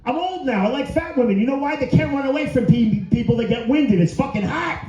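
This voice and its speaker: Middle-aged male comic, crude crowd-work style, high-pitched, dull roomy live recording. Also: fast, mellow. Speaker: stand-up comedian. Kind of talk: stand-up set. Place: comedy venue before a live audience.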